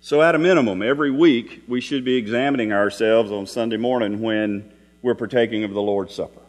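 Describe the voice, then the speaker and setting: A man's voice: on the low side, a little fast. A middle-aged man preaching a Sunday evening sermon in a church, telling folksy stories and asking the congregation rhetorical questions. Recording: long hall reverb with mains hum.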